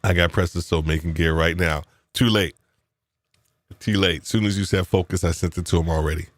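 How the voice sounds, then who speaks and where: Deep-voiced playful male podcast host. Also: fairly even intonation, fairly quick, dry recording. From New York. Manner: playful teasing banter; reflective, uses fillers and restarts. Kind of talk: live podcast chat.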